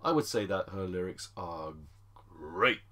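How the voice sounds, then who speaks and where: A man teaching French phrases in a chatty lesson, calling the class ladies and gents and slowing down for each French phrase. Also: sits low, animated, sharp tone. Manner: slows down to spell out French phrases. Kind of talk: screen-recorded language lesson.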